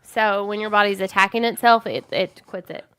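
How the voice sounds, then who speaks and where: A woman co-hosting a podcast, calmly explaining what medicines are used for in casual chat. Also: medium pitch, moderate pace, clear, resonant tone, no echo. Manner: explains medicines matter-of-factly. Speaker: podcast co-host.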